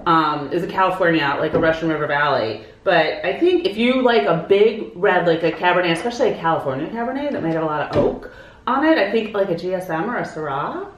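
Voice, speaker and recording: A woman's voice: lowish voice, animated, quick pace, echoey room, rough recording. A woman co-hosting a wine show, chatting in a bubbly way and often saying "like". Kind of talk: casual chat.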